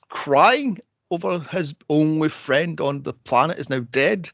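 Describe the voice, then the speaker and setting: A man co-hosting a movie podcast, animated and sweary, laughing and acting out scenes in casual chat. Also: fairly high pitch, a little slow, creaky, hardly any pauses, no room sound. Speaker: podcast co-host. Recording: dry, dull lo-fi podcast audio.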